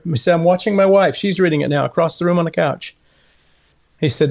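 A man's voice: on the high side, vocal fry. A middle-aged man from California, a guest author telling a heartfelt story in an interview, earnest and acting out the dialogue he recounts. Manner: earnest, animated storyteller who acts out quoted dialogue.

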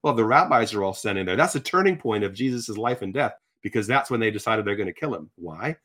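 A man in his sixties telling his conversion story in conversation, animated, acting out quotes as he talks. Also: on the low side, quick pace. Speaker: guest sharing his testimony. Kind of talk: conversational faith testimony.

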